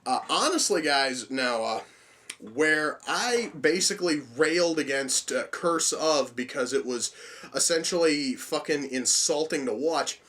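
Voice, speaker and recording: Young male film reviewer, slightly high voice, casual and profane, restarts his sentences a lot. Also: lively intonation, unhurried, fairly bright tone. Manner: profane, rambling, with frequent restarts. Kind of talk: casual spoken movie review.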